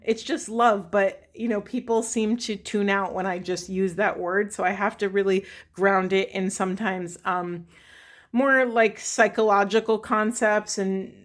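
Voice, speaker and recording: A woman's voice: medium pitch, steady tone, a little slow. A woman talking through a spiritual tarot reading for her viewers, emotional and often correcting herself as she goes. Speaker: tarot reader.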